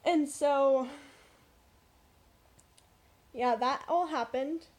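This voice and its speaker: High-voiced young woman telling a story. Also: extremely slow. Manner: animated, blunt, frequent swearing and asides. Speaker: vlogger. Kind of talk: casual storytime vlog.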